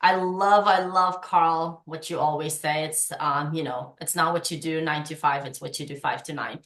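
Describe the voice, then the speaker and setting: Woman trainer, low-ish voice, energetic coaching, echoey room on a call. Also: normal speed. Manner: energetic, coaching, acts out past conversations. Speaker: insurance sales trainer. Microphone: video call.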